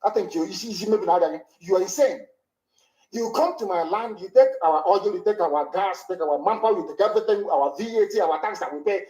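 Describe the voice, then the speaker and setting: A man's voice: high voice, a little fast, a little mellow, roomy sound, low-quality recording. A man with a Nigerian English accent giving an impassioned, scornful political speech full of insults and rhetorical questions. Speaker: activist speaker.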